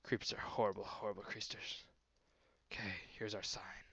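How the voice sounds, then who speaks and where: A man's voice: on the low side, level tone, normal speed, fairly bright tone, slightly rough. A young man commenting on his own gameplay in a silly, mock-grand voice, speaking to the animals and trees. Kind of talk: let's play commentary. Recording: noisy amateur recording.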